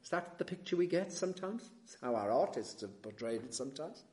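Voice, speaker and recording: Guy preaching a sermon, average pitch, goes quiet then booms, drags out the big words. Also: very animated. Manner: dramatic, swings between soft and loud emphasis; slows down to stress key words. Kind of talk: expository sermon.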